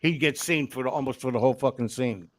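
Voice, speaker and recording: A man's voice: mid-range voice, fast. A man speaking as a guest in a casual chat, blunt and profane, often chiming in.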